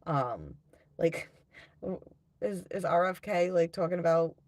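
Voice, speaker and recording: A woman in her thirties with a low voice hosts a casual livestream tarot reading. She talks bluntly, swears freely and breaks into laughter often, reading chat comments aloud. The sound is dry and close. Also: animated, unhurried, darkish tone, no room sound. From United States. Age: 30s.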